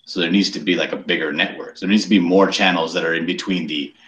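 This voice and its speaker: Very deep man in an echoey room. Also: fairly even intonation, fairly bright tone, dull audio. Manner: earnest, measured, making a case. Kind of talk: casual group chat.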